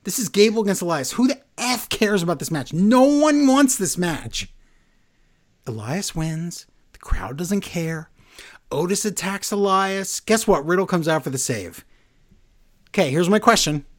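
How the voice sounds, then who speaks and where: Animated sarcastic man recapping wrestling. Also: high voice, normal speed. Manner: sarcastic, animated, laughs often. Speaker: podcast co-host. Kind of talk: casual wrestling recap chat.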